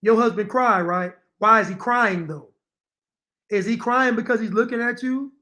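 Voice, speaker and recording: A man's voice: very high voice, moderate pace, sharp tone. A man giving opinionated reaction commentary to viewers, repeating his points and addressing them directly. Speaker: commentary streamer.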